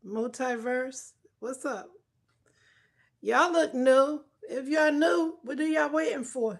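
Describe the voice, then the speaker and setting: A woman at home livestreaming and chatting casually with her viewers, loud and joking, cursing and talking back to the chat. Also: high voice, unhurried.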